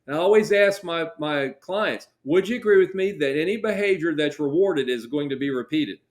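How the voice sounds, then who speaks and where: A man's voice: on the high side, animated, normal speed. A middle-aged man, a guest dog trainer, explaining in casual interview chat and acting out client dialogue as he tells stories. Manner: storytelling, acts out client dialogue.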